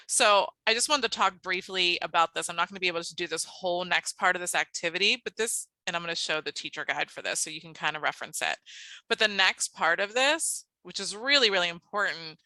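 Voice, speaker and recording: A woman presenting and modeling a phonics lesson for a teacher conference, explaining steps in a clear, steady way. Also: mid-range voice, no room sound, low-quality recording.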